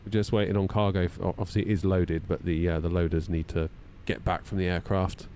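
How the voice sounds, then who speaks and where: A man in his 30s speaks a little fast in a low, mellow voice with little pitch movement, over slight hiss or hum. He's a flight sim streamer at home, chatty and jokey with his viewers, teasing himself while going through checklists.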